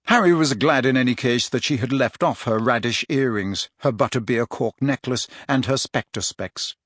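A man reading a novel aloud as narrator, in measured, expressive storytelling. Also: medium pitch, no room sound. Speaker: audiobook narrator. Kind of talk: scripted narration.

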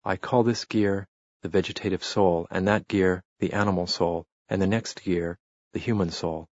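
A man's voice: sits low, fairly even intonation, moderate pace, a little mellow, dry recording, muffled recording, natural voice. A man reading an audiobook voices a despairing young man, thinking aloud in a brooding, bleak way.

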